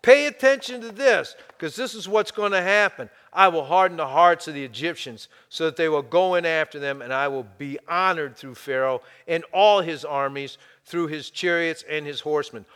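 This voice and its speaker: A man preaching a sermon, firing rhetorical questions at his listeners and dropping to a hushed voice now and then. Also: on the high side, smooth, big-room sound. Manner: animated preaching, rhetorical questions, sudden drops to hushed tones. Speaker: pastor.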